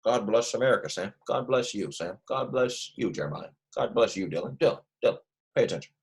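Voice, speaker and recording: A man putting on a patriotic old Uncle Sam voice, greeting children by name in a slow, folksy way. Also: on the low side, lively intonation, gravelly, slightly rough, heavily acted.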